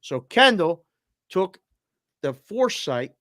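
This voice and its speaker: A man co-hosting a sports betting show who tells stories in an animated, profane way. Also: sits high, takes it slowly, no echo, clean studio sound. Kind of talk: casual sports betting chat.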